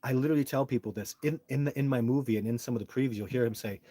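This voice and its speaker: A man hosting a live stream, answering chat in a rambling way that heats up into loud, indignant rants with cursing. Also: mid-range voice, rapid-fire, no echo.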